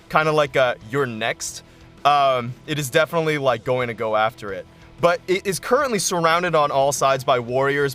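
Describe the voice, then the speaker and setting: A man narrating a tabletop game as game master, relaxed and rambling with restarts. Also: mid-range voice.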